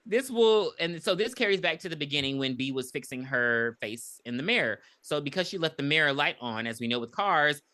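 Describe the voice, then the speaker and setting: A woman co-hosting a podcast, casually retelling a movie plot with animated, acted-out quotes. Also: deep voice, brisk, hardly any pauses. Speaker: podcast co-host. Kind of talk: casual movie review chat.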